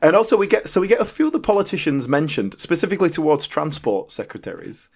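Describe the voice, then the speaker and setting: A man co-hosting a chat podcast who makes quick jokey asides. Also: a little high, big pitch swings, vocal fry, darkish tone. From Britain. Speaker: podcast co-host. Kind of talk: casual chat.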